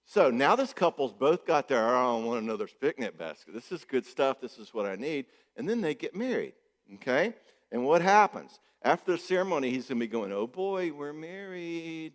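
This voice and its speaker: A man's voice: medium pitch, sing-song, a little fast. A man gives a joking, conversational conference talk as a marriage therapist, often checking in with the audience. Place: church hall. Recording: echoey church hall.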